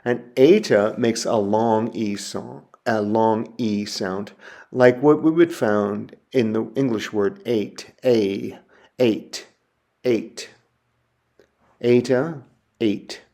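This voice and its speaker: A man teaching a recorded lecture in a somewhat low voice. He speaks very slowly and methodically, pausing to sound out and repeat each example word. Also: warm tone. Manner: slow, methodical, spelling sounds out and repeating words.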